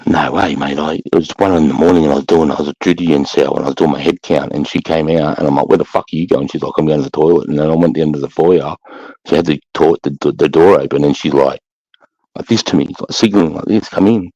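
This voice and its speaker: A man's voice: a bass voice, fairly even intonation, fast talker, mellow, dry recording, highs cut off. A middle-aged Australian man, formerly an army sergeant, telling stories in a blunt, profane, swaggering way on a casual chat show.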